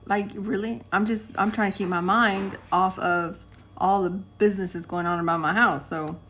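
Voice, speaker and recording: A young woman vlogs from indoors at home in a mid-range, fairly bright voice with fairly even intonation, speaking at normal speed over a little hiss or hum. Chatty and rambling, she laughs often and talks to her dogs mid-sentence.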